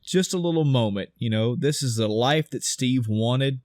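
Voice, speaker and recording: Male podcast co-host, mid pitch, animated play-by-play recap, dry close recording. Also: normal speed, no echo. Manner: excited retelling with swearing and quoted dialogue. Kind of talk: casual film discussion.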